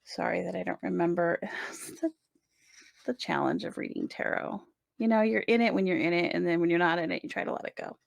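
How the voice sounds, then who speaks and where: A woman's voice: on the low side, a little fast, creaky, dry recording. A woman giving a casual tarot reading, chatty and reassuring, often checking in with the listener. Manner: chatty, reassuring, many "right?" check-ins. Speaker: tarot reader.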